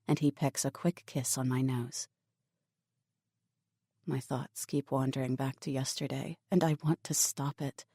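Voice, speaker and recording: A woman narrating a first-person audiobook with a low, dark, mellow voice. Her reading is intimate and emotional. The recording is close and completely dry. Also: no room sound.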